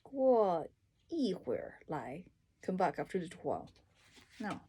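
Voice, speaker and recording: A female language tutor reads casually through a dictionary, explaining each word with simple examples and the occasional soft aside. Her voice is slightly low, a little husky and sing-song, and she speaks slowly, without any hurry.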